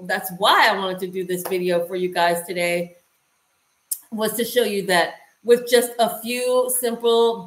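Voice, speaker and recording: A woman vlogger casually demonstrating a hands-on task and chatting to her viewers as she works. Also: mid-range voice. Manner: chatty, talks to viewers while working. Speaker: lifestyle vlogger. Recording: roomy echo.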